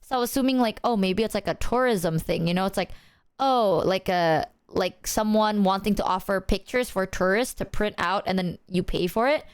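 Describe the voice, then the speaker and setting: A young woman streamer telling a story to her chat in a casual, animated way, full of "like" and the odd swear word. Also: medium pitch, normal speed, clean tone, no room sound. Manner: animated, chatty, heavy filler "like", swears.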